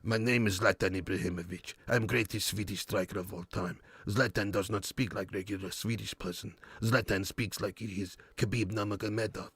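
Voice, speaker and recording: A man's voice: lowish voice, steady tone, fairly quick, hardly any pauses, fairly bright tone, breathy edge, no echo, voice pushed down. A man doing a boastful striker speaking of himself in third person. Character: boastful male footballer who talks about himself in the third person.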